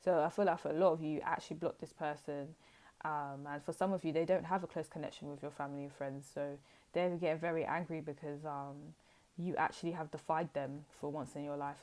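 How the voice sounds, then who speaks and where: A young woman giving a casual tarot reading, chatty and blunt with animated asides. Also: deep voice. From United Kingdom. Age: young adult. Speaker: tarot reader.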